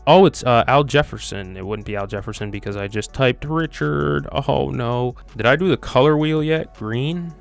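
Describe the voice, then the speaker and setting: A man's voice: mid-range voice, normal speed, creaky, hardly any pauses, clear, resonant tone, faint music behind. A young man hosting a quiz video, chatting casually and thinking aloud with lots of ums and self-mocking asides. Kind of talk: casual commentary while playing a quiz.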